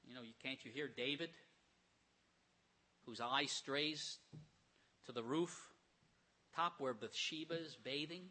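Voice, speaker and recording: A man preaching a sermon, retelling scripture stories with animated storytelling and acted-out voices. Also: medium pitch, slow pace, long pauses. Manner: animated storytelling, acts out characters.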